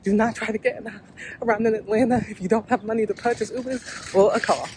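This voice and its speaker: A woman's voice: a little high, fairly even intonation, fast talker, a little mellow, a little hiss or hum. A young woman, chatting casually to viewers in a vlog and calling them y'all. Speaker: vlogger. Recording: roomy echo.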